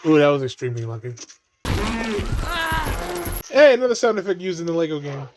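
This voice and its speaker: A man's voice: on the high side, very animated, a little fast, noisy background. A man giving casual watch-along commentary on a movie, laughing often and swearing freely as he riffs jokes.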